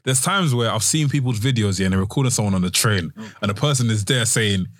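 Quick-talking young man. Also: on the low side, lively intonation, no echo, studio quality. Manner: chatty, repeats "do you know what it is" and "yeah". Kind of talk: casual group chat.

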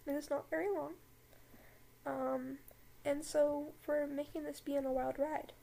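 A woman's voice: high-pitched, level tone, a little slow, gravelly, warm tone, rough recording. A young woman hosting a casual podcast, rambling with lots of fillers and giggles, then reading a story aloud at home. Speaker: podcast host. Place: home room with a dog.

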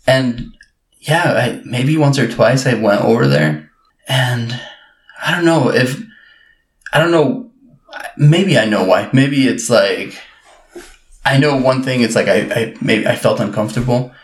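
A man's voice: medium pitch, animated, measured pace, long pauses. A man from Uruguay, a podcast co-host, chatting casually and laughing often as he tells self-mocking stories. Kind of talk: casual chat. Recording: roomy echo.

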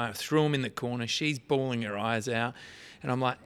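A man's voice: medium pitch, moderate pace, few pauses, fairly bright tone, clean tone. A man hosting a casual podcast chat, telling candid stories in a chatty way. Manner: candid, chatty storyteller, laughs easily. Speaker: podcast host.

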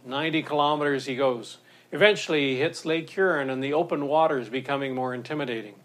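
A man preaching a sermon in a measured, earnest storytelling manner. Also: a little high, a bit bright. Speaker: pastor.

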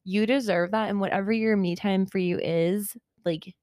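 A woman co-hosting a podcast, talking casually and quickly with lots of fillers. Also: medium pitch, steady tone, a little mellow, no room sound, clean studio sound. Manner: chatty, quick, frequent fillers. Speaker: podcast co-host. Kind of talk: casual chat.

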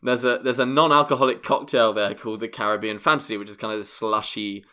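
A man's voice: lowish voice, fairly even intonation, quick pace, bright, forceful tone. A man co-hosting a podcast, telling a self-deprecating story in casual chat and laughing often. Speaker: podcast co-host.

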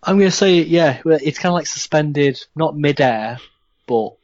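A man's voice: on the high side, lively intonation, moderate pace, darkish tone. Wry joking man player. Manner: wry, joking, mock-fearful. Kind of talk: casual tabletop play. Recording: slightly muffled lo-fi audio.

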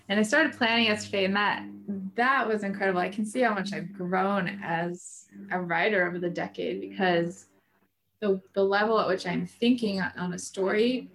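Reflective creaky-voiced woman musing. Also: mid-range voice, a bit bright. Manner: reflective, musing, trails off mid-thought. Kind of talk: casual chat.

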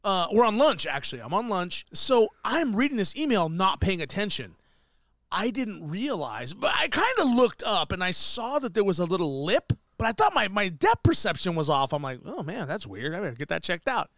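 A man spins a crude comic story on a podcast, high-pitched and lively, his voice leaping up and down as he acts out the other people. The sound is dry and close, with no room around it. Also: normal speed, no echo. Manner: profane, animated, acts out quoted voices. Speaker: podcast co-host. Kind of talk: casual comedic storytelling.

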